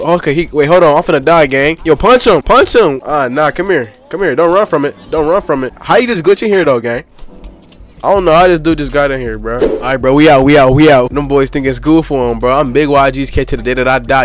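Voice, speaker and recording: A young man giving excitable, slang-heavy commentary over his own gameplay and trash-talking other players. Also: medium pitch. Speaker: gaming streamer.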